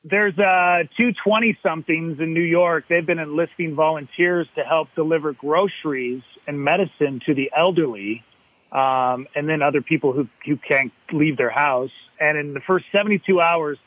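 A man co-hosting a casual podcast, rambling with lots of fillers and getting excited about good news. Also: on the high side, moderate pace. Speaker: podcast co-host. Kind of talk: casual chat. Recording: dry, tinny phone-like sound.

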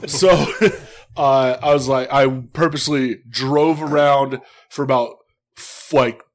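A young man casually telling a story, animated and swearing freely. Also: medium pitch, slow pace. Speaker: guest.

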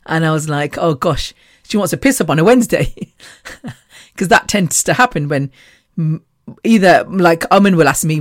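A woman hosting a podcast, telling rambling personal stories in a chatty, animated way and laughing often. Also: deep voice, moderate pace, long pauses, dry recording, studio quality. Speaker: podcast host.

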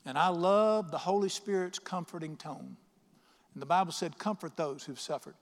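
A middle-aged man preaching a sermon as pastor, reading scripture slowly and questioning his congregation with emphasis. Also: on the high side. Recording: long reverb of a large hall.

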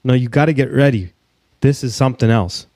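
A man hosting a podcast, rambling casually and excitably with plenty of swearing. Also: medium pitch, brisk, slight background noise. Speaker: podcast host. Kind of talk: rambling live-stream monologue. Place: home studio in Mexico.

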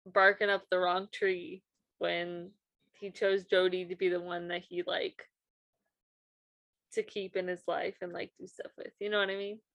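A woman's voice: fairly low pitch, little pitch movement, measured pace, fairly bright tone, dry recording, lo-fi sound. A young woman co-hosting a podcast in casual chat, reacting and often trailing off mid-sentence. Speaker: podcast co-host.

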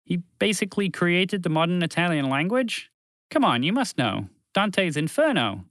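A man voicing a calm, precise female spaceship computer with a know-it-all manner. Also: high voice, normal speed, no room sound, full character voice. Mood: insistent. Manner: precise, informative, a bit exasperated.

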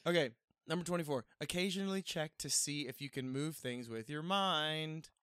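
A man's voice: a little high, normal speed, fairly bright tone, clear, resonant tone, no echo, clean studio sound. A man hosting a casual chat with friends, reading out a list and laughing often as he teases the others. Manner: laughs often, teasing and playful. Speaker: podcast host reading a list.

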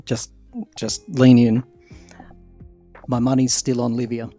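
A man's voice: medium pitch, completely flat delivery, slow, mellow, soft background music. A man with an Australian accent hosting a podcast interview, teasing and affectionate, laughing often. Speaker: podcast host. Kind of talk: casual interview chat.

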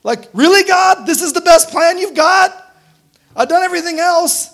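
A man's voice: very high-pitched, normal speed, a bit bright, voice pushed up. A man doing a desperate young man pleading. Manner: pleading, exasperated.

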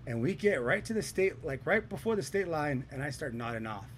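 A man's voice: fairly high pitch, brisk, slight background noise. A young man telling a rowdy story to friends in casual chat, swearing often. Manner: profane, animated, swears a lot. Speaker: podcast storyteller.

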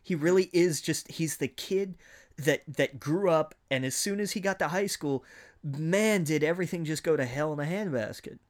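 A man's voice: a little high, normal speed. A man co-hosting a podcast, explaining his views thoughtfully in casual chat. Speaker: podcast co-host.

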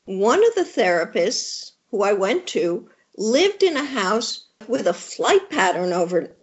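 A woman's voice: medium pitch, sing-song, a little slow, background noise. An older widowed woman talking candidly with wry humor as an interview guest. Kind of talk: conversational interview. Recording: dull lo-fi audio.

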